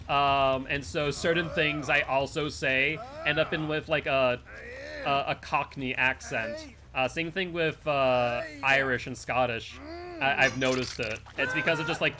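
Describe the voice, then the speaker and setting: A man with a Northeastern US accent, streaming a game live and rambling to chat between plays. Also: a little high. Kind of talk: live gameplay commentary and chat.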